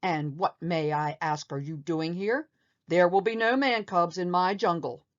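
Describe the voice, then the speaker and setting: A woman's voice: on the low side, measured pace, lightly acted. A woman voicing a bossy old bull elephant colonel who barks drill commands, on a slightly muffled recording. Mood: scolding.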